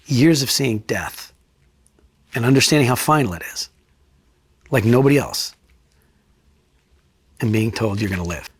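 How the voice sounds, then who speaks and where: A middle-aged man and retired state trooper, telling his story bluntly in a sit-down interview, swearing freely and pausing to reflect. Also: mid-range voice, animated, breathy edge, no room sound, studio quality. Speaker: retired state trooper and crime scene investigator.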